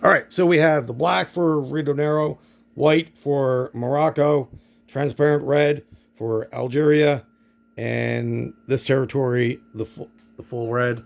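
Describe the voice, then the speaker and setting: A man's voice: mid-range voice, steady tone, a little slow, vocal fry. A man narrating his own board game play-through, thinking aloud and reacting to dice rolls.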